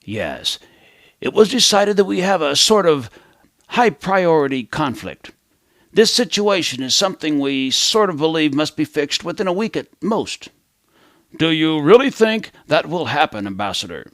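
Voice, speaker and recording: A man's voice: fairly high pitch, sing-song, moderate pace, fairly bright tone, no room sound, clean studio sound. A man voicing a pompous male diplomat who hedges everything with filler words. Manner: pompous, hedging with sort of. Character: evasive middle-aged male diplomat.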